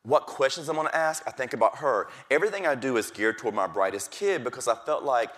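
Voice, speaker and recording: A middle-aged man, a teacher, telling stories from his classroom with lively delivery and acting out the voices of kids and his principal. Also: mid-range voice, quick pace. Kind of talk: storytelling talk.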